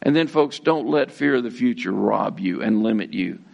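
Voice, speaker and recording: A man's voice: lowish voice, expressive, normal speed, vocal fry, darkish tone, muffled recording. A middle-aged pastor preaching a sermon, earnest and emphatic, calling his listeners folks and repeating key words for weight. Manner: addresses listeners as folks, occasional restarts.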